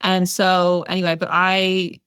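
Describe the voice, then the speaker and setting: A woman telling her story as a podcast interview guest, chatty, with many fillers and lively quoted dialogue. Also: fairly low pitch, unhurried, clear, resonant tone, dry recording, studio quality.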